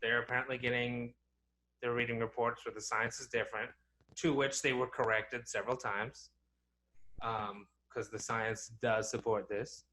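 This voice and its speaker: A man's voice: medium pitch, little pitch movement, moderate pace, bright, forceful tone. Casting note: young man, casual podcast co-host, rambling, many fillers, restarts. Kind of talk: casual chat.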